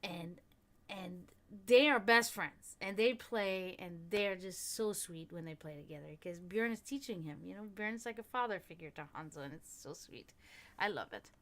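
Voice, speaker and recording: A woman hosting a tarot reading livestream, chatting casually with viewers, excitable, swearing freely and laughing often. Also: lowish voice, moderate pace.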